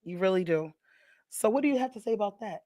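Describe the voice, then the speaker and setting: A woman's voice: medium pitch, lively intonation, fast talker, dark tone, no echo, clean studio sound. A woman radio host with a Southern US accent, talking in a casual, emotional way and laughing easily. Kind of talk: casual talk radio chat.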